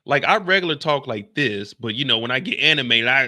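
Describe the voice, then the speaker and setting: A man's voice: mid-range voice, lively intonation, a little fast, bright, forceful tone. A young man hosting a live stream, talking loosely in a chatty, casual way and repeating "like" and "you see what I'm saying". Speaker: streamer reviewing a TV episode.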